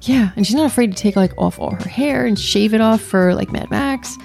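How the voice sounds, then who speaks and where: A woman's voice: medium pitch, a little fast, vocal fry, a little mellow, faint music behind. A woman co-hosting a podcast, chatting casually and playfully about a film she enjoyed. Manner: playful, enthusiastic, jokes around. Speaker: podcast co-host. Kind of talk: casual movie review chat.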